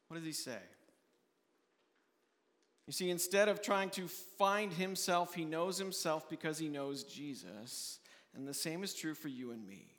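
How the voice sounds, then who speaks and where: A man's voice: moderate pace, a bit bright, long reverb tail. A man preaching a sermon as pastor, earnest and conversational, often restarting his phrases. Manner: earnest, restarts often, voices quoted questioners in a raised pitch.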